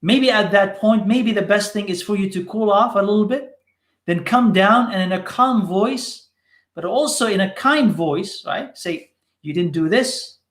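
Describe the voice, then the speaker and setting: A man's voice: high-pitched, measured pace, a bit bright, echoey room. A man teaching in a live question-and-answer session, repeating short phrases for emphasis.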